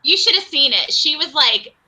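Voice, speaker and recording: A bubbly woman co-hosts a casual podcast chat, her voice high and very bright. She comes from North Carolina and speaks with lively enthusiasm. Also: moderate pace, low-quality recording. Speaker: co-host.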